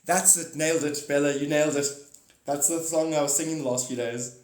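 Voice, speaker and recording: A man's voice: fairly high pitch, fairly even intonation, fairly quick. Man chatting on a roomy live stream. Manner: rambling, jokey, swears and self-corrects. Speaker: live streamer and paid reader. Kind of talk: casual live-stream chat. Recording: roomy echo.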